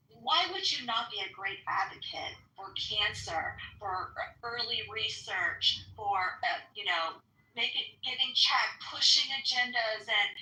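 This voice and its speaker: A woman co-hosting a political podcast in casual chat, blunt, sarcastic and quick to swear. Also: fairly high pitch, bright, forceful tone, recorded from a distance. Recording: roomy echo, off-mic.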